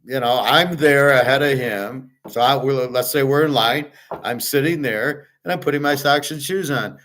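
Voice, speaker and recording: A man's voice: mid-range voice, moderate pace, a bit bright. A man hosting his show, telling a rambling story in a blunt, profane, casual way, with frequent restarts. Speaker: show host.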